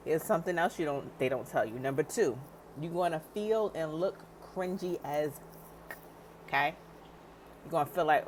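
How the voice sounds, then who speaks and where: A woman's voice: low-pitched, a little mellow, a little hiss or hum. A woman coaching new business owners in a direct, encouraging vlog style, acting out inner doubts and laughing often. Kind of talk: motivational vlog talk.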